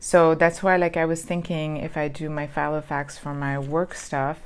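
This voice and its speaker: A woman's voice: sits low, flat delivery, normal speed, clean tone. A woman chatting casually as she flips through old planners, rambling with lots of ums and restarts. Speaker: planner vlogger. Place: lives in Southern California.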